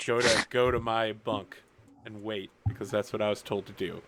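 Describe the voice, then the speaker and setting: Male game host, playful dramatic narration, bright voice. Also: lowish voice, fairly even intonation, moderate pace. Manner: dramatic, half-joking narration with in-character lines. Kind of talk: narrating and acting in a tabletop game.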